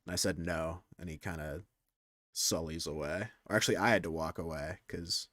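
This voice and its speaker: Rambling young man streaming, low voice. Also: fairly even intonation, moderate pace, fairly bright tone, no echo, clean studio sound. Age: young adult. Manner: rambling, self-interrupting, crude. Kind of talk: casual stream chat.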